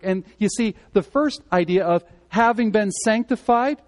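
A man giving a sermon as pastor, speaking conversationally and swinging between loud emphatic moments and quiet earnest ones. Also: high-pitched, unhurried. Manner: conversational preaching, rising and falling in emphasis.

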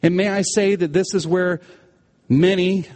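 A man's voice: high voice, fairly even intonation, a little slow, a little mellow, in a large hall. A man preaching a sermon, emphatic, repeating key phrases and asking the listeners rhetorical questions. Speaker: pastor.

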